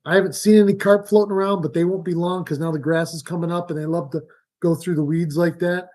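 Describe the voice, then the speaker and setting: A man's voice: high voice, quick pace. Chatty man hosting a fishing stream. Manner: relaxed rambling storyteller with frequent fillers and laughs. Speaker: fishing show host. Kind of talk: casual live-stream chat.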